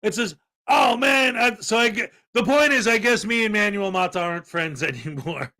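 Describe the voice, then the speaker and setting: A man's voice: high voice, brisk, pushed and bright. A man hosting a podcast, telling a rambling story in casual commentary and acting out what others said. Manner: rambling storyteller, laughs, acts out quotes. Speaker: podcast host.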